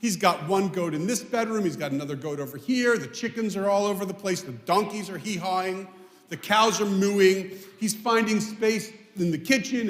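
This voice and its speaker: A man's voice: sits high, fairly bright tone. A man telling a story at a children's family service, playful and chatty, talking with the audience. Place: synagogue sanctuary. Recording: echoey hall.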